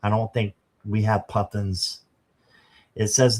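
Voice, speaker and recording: A man's voice: lowish voice, flat delivery, takes it slowly, a little mellow. A man doing a casual live tarot reading, chatting to viewers and reading the card text aloud. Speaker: tarot reader.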